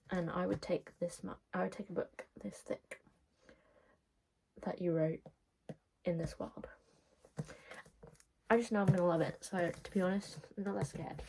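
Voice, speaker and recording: A woman's voice: on the low side, creaky, darkish tone, a little hiss or hum, poor audio. A woman chatting casually to camera about books, self-deprecating and sometimes dropping into whispered asides. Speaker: book vlogger.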